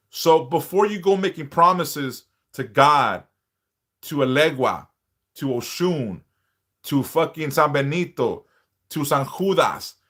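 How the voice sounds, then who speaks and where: In an unscripted live-stream monologue, a man lectures bluntly and with profanity, hammering his points through repetition and rhetorical questions. His voice is a little high, bright and forceful.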